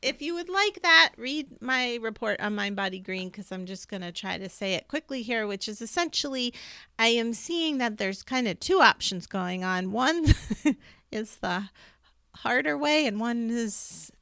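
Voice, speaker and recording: A woman co-hosting a spiritual podcast, talking fast and rambling with fillers and restarts. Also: a little high, expressive, creaky, bright, forceful tone, no room sound. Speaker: podcast co-host, intuitive reader. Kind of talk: casual spiritual chat.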